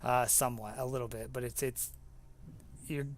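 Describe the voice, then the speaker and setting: A young man narrating a tabletop game as game master, halting with many fillers. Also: mid-range voice, fairly even intonation, slight background noise.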